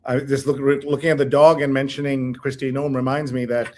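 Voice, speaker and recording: A man co-hosting a casual talk show, opinionated and animated, who reads headlines aloud and reacts with blunt commentary. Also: mid-range voice, brisk. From India. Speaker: co-host. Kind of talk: casual chat.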